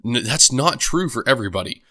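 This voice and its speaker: Rambling young man, bright voice. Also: mid-range voice, expressive, brisk. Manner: rambling, casual, many fillers and restarts. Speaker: podcast host. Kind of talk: solo podcast monologue.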